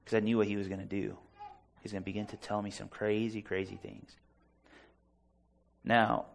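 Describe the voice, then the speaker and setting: A man's voice: fairly low pitch, vocal fry. A man preaching a sermon, delivering it fervently and emphatically with personal stories. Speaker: pastor.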